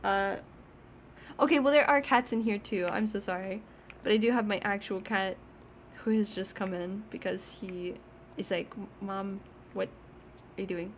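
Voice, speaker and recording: A woman's voice: mid-range voice, moderate pace, a little hiss or hum. A young woman streaming, chatting casually and rambling with frequent laughs. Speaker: VTuber streamer.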